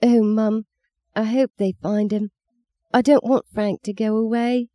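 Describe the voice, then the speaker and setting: A reader voicing a frightened young girl in a family story, speaking in a higher pleading voice. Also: flat delivery, measured pace, mellow, no room sound, studio quality, lightly acted.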